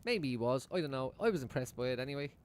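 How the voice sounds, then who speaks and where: A man's voice: medium pitch, animated, fast talker, a little hiss or hum. A man streaming live as a football fan, chatting casually, rambling, swearing freely and chuckling often.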